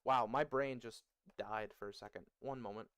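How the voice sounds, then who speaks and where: This man's voice is medium-pitched, steady, moderately paced, slightly bright, and clean. He's a streamer sitting near his microphone, explaining language construction to his chat in a relaxed, jokey way and laughing a lot as he banters.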